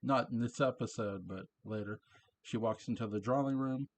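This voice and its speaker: A man talks through an old TV episode in a relaxed, chatty recap. His voice sits at an ordinary middle pitch. He laughs freely and drops into quoted lines along the way. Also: moderate pace, gravelly, slight background noise. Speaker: show reviewer.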